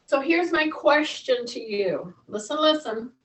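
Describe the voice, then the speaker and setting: A woman's voice: high voice, lively intonation, unhurried, fairly bright tone, distant mic, rough recording. A woman fitness instructor talking viewers through a workout, chatty and coaching, repeating her cues.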